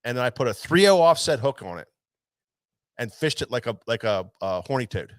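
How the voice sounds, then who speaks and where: A man's voice: mid-range voice, very animated, a little fast, dry recording. A man who runs a tackle shop, telling a long fishing story in casual chat, rambling with many restarts. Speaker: tackle shop owner, show host.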